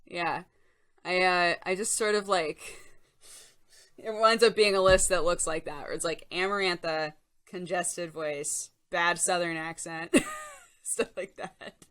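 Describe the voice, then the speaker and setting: A young woman hosts a relaxed stream chat, talking into a desk microphone. Her voice sits a little low for a woman, and she chats and giggles easily while answering viewers. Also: slow pace. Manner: chatty, giggly, reads chat aloud. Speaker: streamer host. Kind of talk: casual live-stream chat.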